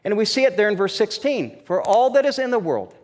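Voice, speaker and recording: High-voiced pastor preaching in a reverberant church. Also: male voice, big pitch swings, brisk. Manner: conversational storytelling with many restarts, growing emphatic. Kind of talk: sermon. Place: church sanctuary.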